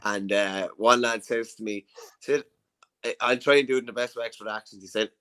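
A man's voice: mid-range voice, fairly even intonation, brisk, pushed and bright, smooth, poor audio. A man with an Irish accent co-hosting a casual sports podcast, talking through his thoughts in a conversational way. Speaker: podcast co-host.

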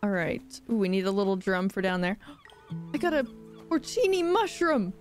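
An excitable woman chatting through a cozy game on a live stream. She gushes and gasps at every cute detail, at a middle pitch, while faint game music plays beneath her voice. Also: normal speed. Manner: gushing and excitable, gasping at cute things.

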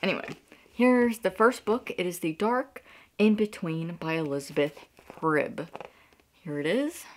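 Excitable gushing woman with a low voice. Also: a little slow, slight background noise. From Pennsylvania. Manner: gushing, excitable, laughs often. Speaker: book vlogger. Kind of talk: casual book haul vlog.

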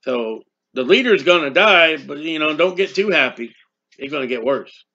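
A man preaching a sermon, reading scripture slowly with emphasis and then explaining in casual asides. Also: fairly high pitch, expressive, sharp tone. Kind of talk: sermon, Bible teaching. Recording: dull lo-fi recording.

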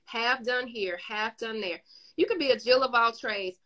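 A woman chatting casually as a guest speaker, telling animated stories and giving motivational advice. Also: on the high side, moderate pace, rough recording. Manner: animated storyteller, acts out dialogue, gives advice.

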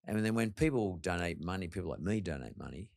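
Deep-voiced blunt man. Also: lively intonation, quick pace, creaky, a little mellow, dry recording, studio quality. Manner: blunt, swears freely, reflective. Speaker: podcast host. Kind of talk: candid conversational storytelling.

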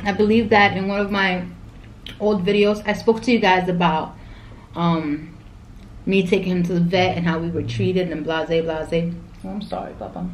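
A young woman talks casually and directly to her viewers, chatty and familiar. Her voice is mid-pitched and sounds echoey, with a faint hum of room noise behind it. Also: darkish tone. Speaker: vlogger. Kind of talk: casual mukbang vlog chat. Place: at home.

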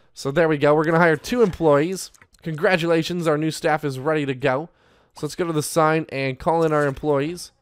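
A young gaming YouTuber offers casual, upbeat Let's Play commentary as he plays, chatting and often addressing his viewers directly as "you guys." His voice is on the high side with a clean tone and no room sound.

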